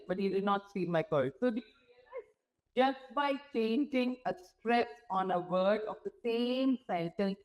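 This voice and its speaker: A woman's voice: medium pitch, darkish tone, rough recording. A woman giving an interactive motivational talk to nurses from a stage, often asking the audience questions. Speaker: guest speaker. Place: symposium stage before an audience.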